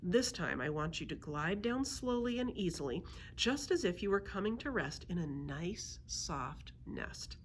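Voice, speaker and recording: A patient, firm grandmother gives gentle instructions, voiced by a woman reading a storybook. Her voice sits fairly low but moves with lively rises and falls. A faint hiss runs underneath. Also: measured pace. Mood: encouraging. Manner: warm encouraging instructions.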